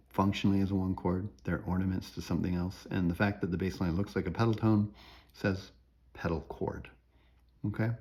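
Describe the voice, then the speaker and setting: A man's voice: lowish voice, gravelly, darkish tone. A man teaching music theory in a recorded lecture, thinking aloud as he works through an example, often checking in with "right?" and now and then singing a tune in nonsense syllables. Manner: frequent tag questions.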